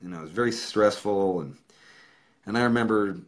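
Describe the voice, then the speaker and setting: A man's voice: lowish voice, brisk. A man hosting his own livestream, telling an emotional story in a casual, profane way. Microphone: webcam or phone.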